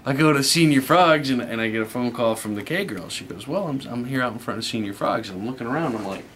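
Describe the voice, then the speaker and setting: A man's voice: mid-range voice, lively intonation, fast, few pauses, fairly bright tone, slight background noise. A man in his thirties telling a crude, profane anecdote in casual chat, acting out the dialogue as he goes. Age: 30s. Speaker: storyteller.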